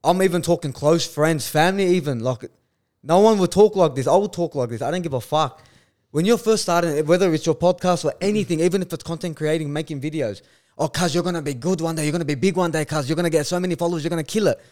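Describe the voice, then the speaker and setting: A man's voice: fairly high pitch, darkish tone. A young man talking as a podcast guest, blunt and slangy, swearing freely. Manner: blunt, swears a lot, fast slangy talk. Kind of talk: casual podcast chat.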